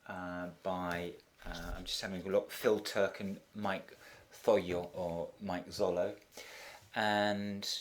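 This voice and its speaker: A middle-aged man teaching Spanish, walking through a translation step by step with frequent ums and restarts. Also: low voice.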